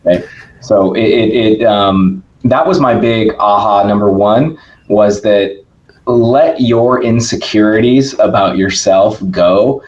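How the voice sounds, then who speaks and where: Emphatic man with a low voice, lo-fi. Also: slow. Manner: energetic, emphatic, keeps asking "right?". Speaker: podcast guest. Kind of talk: casual interview conversation.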